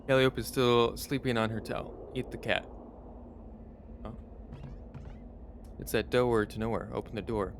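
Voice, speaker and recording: A man's voice: medium pitch, steady tone, a little slow, long pauses, a little hiss or hum. Playful man reading a text adventure. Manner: playful, reading narration and typing commands. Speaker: streamer.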